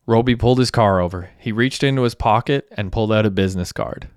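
Low, smooth-voiced male narrator. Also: fast, few pauses, dry recording, clean studio sound. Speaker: audiobook narrator. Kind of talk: scripted narration.

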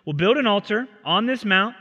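A brash old prophet, cocky and unafraid, throws down a dare in a bright, punchy voice, as a male preacher acts him out in a sermon. The voice rings out in a reverberant hall. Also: high-pitched, lively intonation, moderate pace, dull audio, pitched above the performer's own voice, exaggerated voice. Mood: brash challenge.

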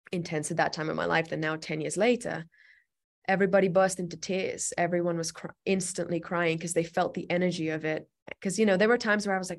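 A young woman telling a personal story in a casual way, with many fillers, often quoting herself and others. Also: lowish voice. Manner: animated, lots of fillers, quotes herself.

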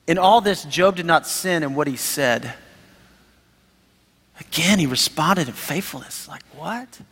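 A man preaching a sermon as pastor, animated and conversational, acting out the voices he quotes. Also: on the high side, a little slow, breathy edge. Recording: reverberant hall.

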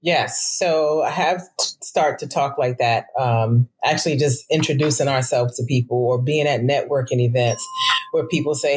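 A woman speaking as a podcast guest about her small business, relaxed and thinking aloud with frequent "um"s. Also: extremely low pitch, moderate pace, husky. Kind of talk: casual interview answer.

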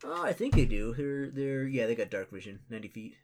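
A man's voice: mid-range voice, lively intonation, brisk, a little mellow. A man running a tabletop game as game master, rambling with lots of fillers and restarts.

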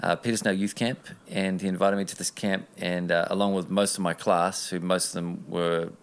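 Casting: New man, low gravelly voice, earnest rambling storyteller. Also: little pitch movement, fairly quick. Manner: earnest, rambling, with many restarts. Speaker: interview guest. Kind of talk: casual personal storytelling.

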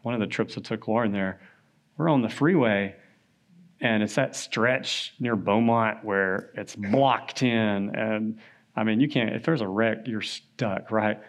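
This Sunday school teacher has a fairly low voice and a measured pace as he goes over a Bible lesson in a church classroom. Conversational and casual, he regularly checks in with "right?" and becomes animated during stories.

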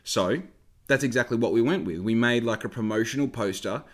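Man, young adult, casual vlog chat, rambling, heavy swearing, bursts of loud ranting. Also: medium pitch, a little fast. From Australia. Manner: swears a lot, rambling, flares into loud rants. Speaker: vlogger.

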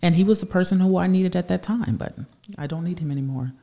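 A woman's voice: lowish voice, fast talker, vocal fry, dark tone. A woman guest in a casual podcast chat, confident and frank.

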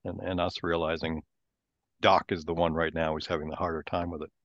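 Deep-voiced man, dull lo-fi sound. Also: level tone, fairly quick, fairly bright tone, no echo. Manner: short supportive interjections, playful. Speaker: podcast co-host. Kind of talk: casual podcast chat. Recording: dull lo-fi audio.

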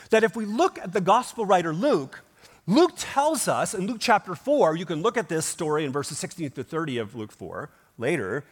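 A man's voice: sits high, fairly bright tone. A male pastor delivering a sermon in a church, emphatic and full of rhetorical questions. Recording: long hall reverb.

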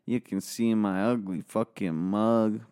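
A man's voice: lowish voice, fairly even intonation, measured pace, mellow, clean tone. An American man hosting a solo podcast from his office, talking into a microphone in a profane, sarcastic, rambling way. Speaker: podcast host. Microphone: studio microphone.

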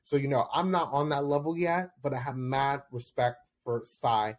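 A man hosting his own reality TV recap podcast, chatting casually and expressively, with frequent laughs and his voice jumping up when he gets excited. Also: medium pitch, normal speed.

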